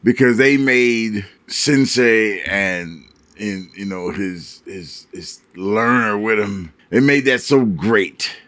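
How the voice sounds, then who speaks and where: A man co-hosting a podcast in casual chat, animated and quick to laugh, acting out what he describes. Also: fairly low pitch, no echo. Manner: animated, laughs often, acts out moves. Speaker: podcast co-host.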